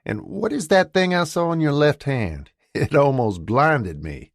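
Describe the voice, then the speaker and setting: A man's voice: on the high side, lively intonation, a little slow, creaky, no echo, studio quality, voice pushed up, exaggerated voice. A man reading an audiobook and voicing a teasing Southern man with an elegant Southern drawl. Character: charming American man from the South, teasing friend.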